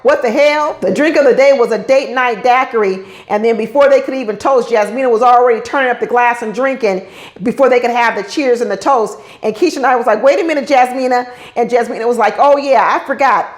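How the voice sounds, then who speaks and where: A sassy woman recaps a reality show in casual talk, calling out the cast by name. Her voice sits fairly high. The sound carries an echoey room around it. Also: quick pace. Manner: opinionated, sassy, scolds the cast directly.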